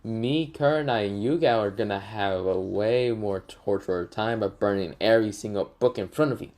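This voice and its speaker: A man's voice: lowish voice, normal speed, a little mellow, lightly acted. A man voicing a threatening male ninja uncle who mocks and menaces, in a spoken fan story. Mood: menacing. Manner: menacing, mocking.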